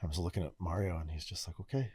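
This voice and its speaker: A man's voice: low voice, fairly even intonation, rapid-fire, darkish tone, slightly rough, no echo, studio quality. A man in his forties co-hosting a podcast, telling candid personal stories in casual chat and swearing freely. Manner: candid storytelling, frequent swearing. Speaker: podcast co-host.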